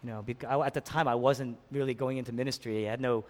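A pastor preaching a sermon, impassioned, swinging between hushed and loud delivery. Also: male voice, mid-range voice, steady tone, fast. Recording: long reverb of a large hall.

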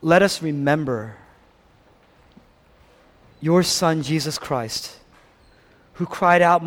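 In a slightly high voice, a pastor preaches slowly and pauses often. He shifts from forceful, rising passages to soft near-whispers, returning repeatedly to questions for his congregation.

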